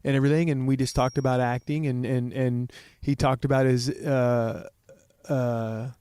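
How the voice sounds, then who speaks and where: A man's voice: medium pitch, level tone, normal speed, dark tone, clear, resonant tone, no echo, clean studio sound. A man from Oklahoma with a Southern accent, a guest on a podcast, rambling through a casual story with many restarts.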